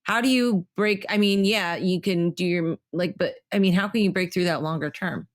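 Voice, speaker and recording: A woman's voice: fairly low pitch, normal speed. A woman hosting an interview show, asking probing, conversational questions. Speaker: host.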